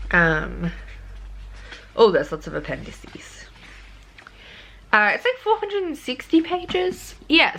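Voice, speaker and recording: Chatty Australian woman, low-pitched. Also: a bit bright. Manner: chatty, rambling, full of ums and restarts. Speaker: book vlogger. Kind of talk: casual book haul vlog.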